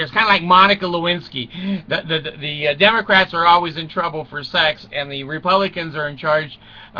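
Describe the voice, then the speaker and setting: Old guy in his 60s rambling thru a funny story, laughs at his own jokes, high sharp voice, muffled lo-fi audio. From United States. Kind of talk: rambling comic monologue.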